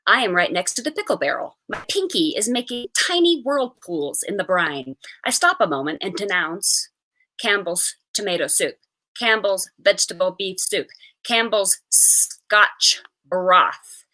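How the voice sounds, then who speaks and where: A woman reading a short story aloud with an expressive, animated delivery. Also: mid-range voice, measured pace. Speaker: reader.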